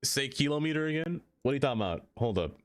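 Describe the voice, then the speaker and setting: A man's voice: mid-range voice, fast talker, faint music behind. A man live-streaming a city-building game, chatting playfully with viewers, greeting them by name and laughing often. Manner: playful, easily excited. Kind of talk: casual live-stream chat.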